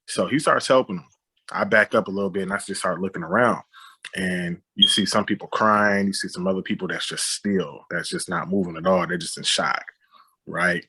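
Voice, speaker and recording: Man recounting a story on a podcast, low husky voice, vivid spoken sound effects. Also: a little fast, pushed and bright. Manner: frequent "you know what I'm saying". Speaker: guest, film director. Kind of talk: telling a personal story on a podcast.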